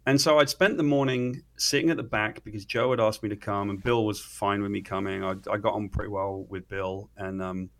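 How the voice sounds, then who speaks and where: British man telling lively anecdotes. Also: lowish voice, brisk, few pauses. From Britain. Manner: animated storyteller, acts out quoted dialogue. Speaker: comic book writer guest. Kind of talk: casual interview anecdote.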